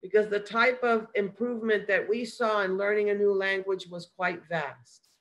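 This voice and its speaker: A woman giving a measured, explanatory academic lecture as a guest lecturer. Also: mid-range voice, fairly even intonation, highs cut off. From United States.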